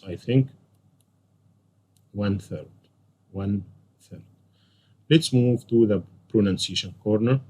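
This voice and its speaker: A man's voice: on the low side, darkish tone, breathy edge. A male English teacher walking through a textbook lesson, patiently going over questions and repeating the answers. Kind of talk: classroom lesson walkthrough.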